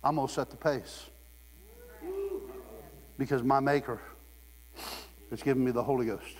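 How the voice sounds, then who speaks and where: A man's voice: mid-range voice, fairly even intonation, measured pace. A man from Ohio preaching a sermon in a conversational, humorous way, often laughing. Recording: long hall reverb.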